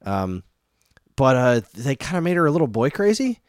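A man's voice: medium pitch, big pitch swings, moderate pace, smooth, no room sound, studio quality. A man in his thirties co-hosting a casual chat show, rambling off on tangents. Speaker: podcast co-host.

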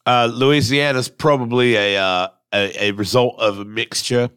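A podcast host reads listener messages aloud in casual, crude, joking chat. His medium-pitched voice is clear and resonant with a fairly bright tone, fairly even intonation, and normal speed, captured in a dry, studio-quality recording.

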